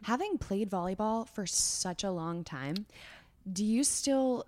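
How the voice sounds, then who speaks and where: A woman's voice: mid-range voice, animated, slow pace, darkish tone. A young adult woman hosting an interview, reflective and affirming as she shares her own experiences. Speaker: podcast host, former college volleyball player. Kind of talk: casual interview conversation.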